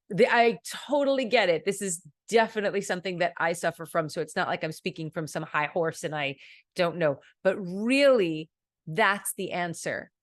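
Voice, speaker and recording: A woman's voice: medium pitch, no room sound. A woman streamer giving casual advice in an earnest, rambling way, acting out her own thoughts as she goes.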